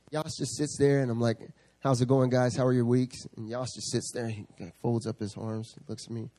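A male pastor preaching a sermon, telling a story with animated quoted voices. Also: mid-range voice. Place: church service.

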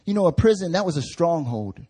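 A young man preaches a sermon with a husky, breathy edge to his voice. He pitches it a little high and keeps the tone casual and slangy, swinging between loud stretches and softer, lower passages. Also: very animated, a little fast. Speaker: pastor.

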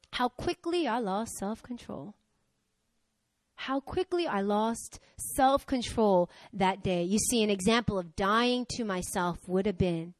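A woman preaching a sermon who tells candid personal stories and acts out the dialogue with lively energy. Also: a little high, unhurried, no room sound. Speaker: preacher, pastor's wife.

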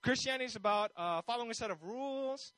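Pastor, man, high-pitched, delivers a casual sermon and acts out the people he quotes, dry recording. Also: fast, bright, forceful tone, smooth, no echo, poor audio. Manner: conversational, many fillers, acts out quoted voices.

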